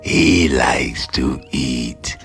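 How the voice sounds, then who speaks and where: A man playing a sinister announcer who warns of a hungry critter, in a slow gravelly voice. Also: extremely low pitch, a bit bright, soft background music, full character voice. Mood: menacing. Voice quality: gravelly, drawn-out.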